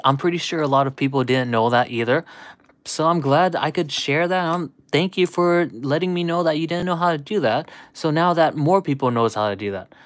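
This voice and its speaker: On a dry recording, a man with a fairly high voice hosts a livestream, chatting casually and nostalgically with his live viewers. He rambles and says "dude" a lot.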